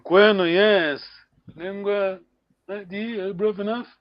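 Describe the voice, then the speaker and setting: A man's voice: high voice, fairly even intonation, measured pace, dry recording, muffled recording. A man teaching a language class online, encouraging students and repeating words often.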